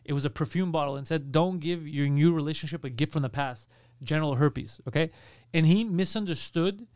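A man hosting a podcast, telling a story in casual chat with animated, loud bursts. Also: fairly high pitch, fairly quick, no echo, clean studio sound. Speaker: podcast host.

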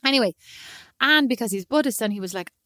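An Irish woman telling a long, animated, self-mocking story in casual chat, often slipping into quoted voices. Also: on the high side, quick pace, dry recording, clean studio sound. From Ireland.

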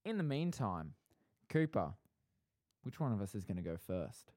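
A man's voice: on the low side, big pitch swings, normal speed, a little mellow, dry recording, clean studio sound. A man hosting a podcast, explaining an improv game and ribbing his co-host in a mock-stern way. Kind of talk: casual chat, running an improv game.

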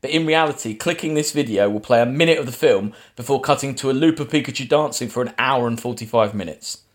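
A man's voice: mid-range voice, quick pace. A man hosting a casual film podcast, recapping the plot in a rambling way with many restarts. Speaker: podcast host.

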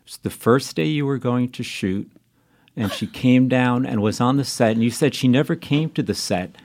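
A man's voice: mid-range voice, moderate pace, darkish tone. A man hosting an interview, asking short questions and giving brief, attentive replies. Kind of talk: casual interview.

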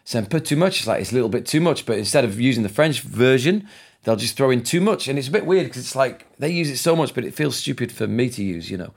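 A man's voice: medium pitch, lively intonation, quick pace, creaky, slightly rough. A man hosting a casual podcast chat, talking in a chatty, lightly joking way. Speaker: podcast host.

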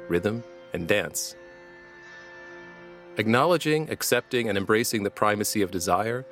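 A male academic reading his nonfiction book aloud in a measured, reflective way. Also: lowish voice, a bit bright. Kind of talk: scripted nonfiction narration.

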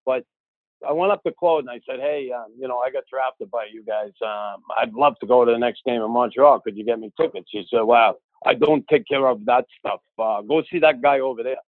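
A man telling a long casual anecdote, lively and acting out the voices of the people he quotes. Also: mid-range voice, brisk, no room sound. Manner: animated, acts out quoted voices. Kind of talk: casual storytelling. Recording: tinny phone-like audio.

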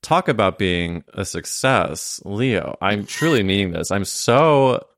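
Man, low deep voice, podcast host, playful teasing chat. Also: expressive, slow, a bit bright. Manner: playful and teasing, laughs often. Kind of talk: casual chat.

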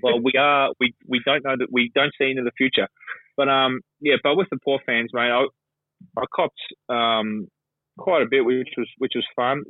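A man's voice: mid-range voice, fairly even intonation, moderate pace, no room sound. An Australian man chatting about sport as a guest pundit, rambling and swearing, with plenty of fillers. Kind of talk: casual sports chat. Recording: dry phone-line call.

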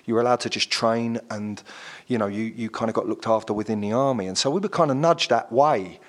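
A middle-aged actor, appearing as a guest, chats casually and rambles through stories packed with fillers. His mid-range voice runs fairly quick.

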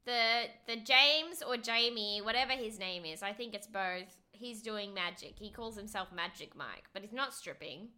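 A woman's voice: medium pitch, normal speed, hardly any pauses, sharp tone. A woman co-hosting a podcast, blunt and wry in casual chat, swearing freely. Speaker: podcast co-host.

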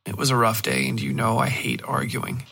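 A man voicing a young woman who is teasing and weary, in a dark audio story. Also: on the low side, very animated, normal speed, gravelly, faint music behind, exaggerated voice.

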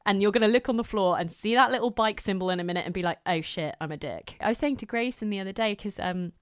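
A woman's voice: mid-range voice, racing, clear, resonant tone, no room sound, clean studio sound. A woman in her thirties, co-hosting a podcast and telling stories in a chatty way with lots of fillers. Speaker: podcast co-host. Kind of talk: casual chat.

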